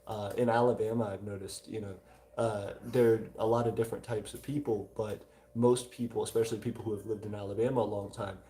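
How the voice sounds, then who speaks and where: A young man in his twenties from South Louisiana with a mellow, dark-toned voice, co-hosting a casual livestream. He reads chat aloud and answers in a halting way, full of filler pauses. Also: on the low side, slight background noise. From South Louisiana, USA. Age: 20s. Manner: hesitant, frequent filler pauses while reading chat. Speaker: livestream co-host.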